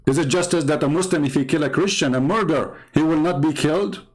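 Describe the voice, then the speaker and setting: A man's voice: a little high, fast talker. A man from the Middle East whose first language is Arabic, speaking as a Christian apologist in combative, sarcastic polemic talk that hammers home the same points.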